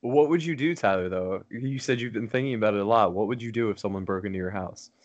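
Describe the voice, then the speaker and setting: A man's voice: on the low side, quick pace. A man in casual chat with friends, teasing and swearing often.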